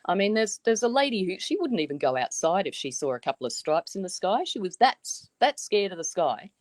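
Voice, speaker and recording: A woman's voice: medium pitch, very animated, fairly quick, a little mellow, no room sound. An Australian woman chatting easily as a guest on a podcast. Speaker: podcast guest, weather show creator. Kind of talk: casual chat.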